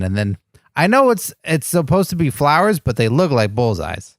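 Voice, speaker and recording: A man's voice: a little high, big pitch swings, normal speed, dry recording, studio quality. A man co-hosting a comedy podcast with a naive, innocently oblivious manner. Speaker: podcast co-host.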